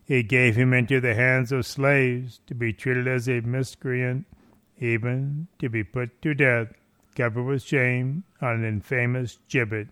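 A man reading a devotional meditation aloud in a solemn, measured way, rising into fervent exclamations. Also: medium pitch, fairly even intonation, a bit bright, clean tone, no echo. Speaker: reader.

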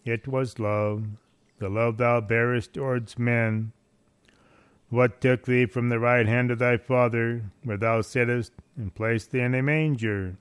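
Male devotional reader: unhurried, flat melody, clear resonant tone, solemn. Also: mid-range voice. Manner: measured, solemn delivery with archaic phrasing. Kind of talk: slow devotional reading aloud.

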